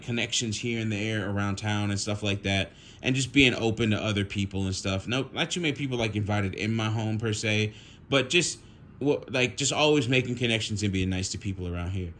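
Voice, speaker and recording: A young man, telling a casual story at home, animated, laughing often and swearing freely. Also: on the low side, brisk, slight background noise. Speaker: vlogger.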